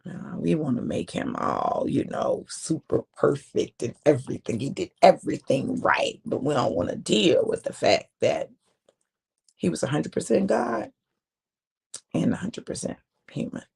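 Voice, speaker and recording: A woman preacher telling a sermon story in a conversational way, with drawn-out phrasing and quiet emphasis. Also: deep voice, sing-song, vocal fry, husky.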